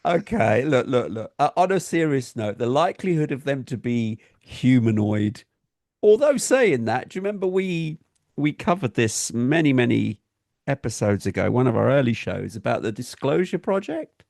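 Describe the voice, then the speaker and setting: A man with a mid-pitched, lively, up-and-down voice co-hosts a casual chat, recorded dry and close. He explains things earnestly. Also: moderate pace, gravelly, dry recording. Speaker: co-host.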